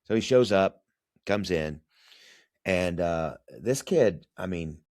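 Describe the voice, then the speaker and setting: A man's voice: low-pitched, expressive, slow pace, a little mellow, no echo, clean studio sound. A middle-aged man, a former military navigator, telling a family story as a podcast guest, blunt and profane and acting out the dialogue. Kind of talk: casual storytelling conversation.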